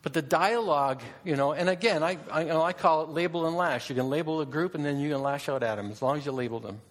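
A man giving a public talk to an audience, animated, full of rhetorical questions and restarts. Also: a little high, fast talker. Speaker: speaker addressing an audience.

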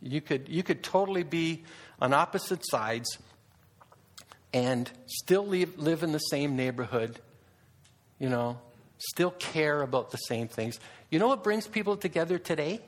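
A man giving a public talk to an audience, animated, full of rhetorical questions and restarts. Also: a little high, measured pace. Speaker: speaker addressing an audience.

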